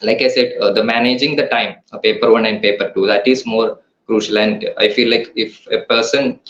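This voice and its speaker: A man's voice: fairly low pitch, steady tone, a little fast, fairly bright tone, slight background noise. A young man, a student, answering interview questions hesitantly and using many fillers. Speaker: student, exam topper. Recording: echoey, dull lo-fi sound.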